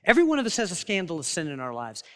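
High-voiced man preaching in a reverberant hall. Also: huge pitch swings, rapid-fire. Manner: earnest, conversational preaching with restarts. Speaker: pastor. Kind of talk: sermon. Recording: long reverb of a large hall.

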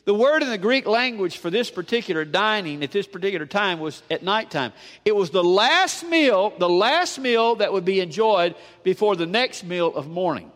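Male pastor, high voice, animated sermon, church reverb. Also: moderate pace. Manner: animated preaching, rising and dropping emphatically. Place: church sanctuary with long reverb.

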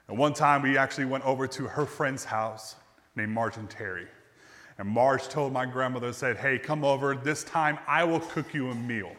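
Storytelling male pastor in a reverberant church. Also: medium pitch. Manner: conversational storyteller who drops to quiet, slow phrase endings. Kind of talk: sermon with personal storytelling. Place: church sanctuary.

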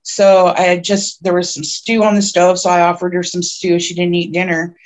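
A woman sits in as a podcast guest and tells a long personal story. She wanders through details, restarts her sentences and fills gaps with "um" and "like". Her voice climbs and speeds up when the story gets tense. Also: normal speed. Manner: rambling, vivid storytelling with many restarts and fillers; grows excited and high-pitched when telling the tense parts. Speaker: podcast guest, self-described oracle.

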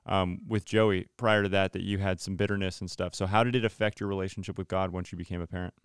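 A man hosting a podcast interview, talking in a relaxed, casual way and agreeing often. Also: low voice, fast talker, clear, resonant tone, no room sound, studio quality. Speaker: podcast host.

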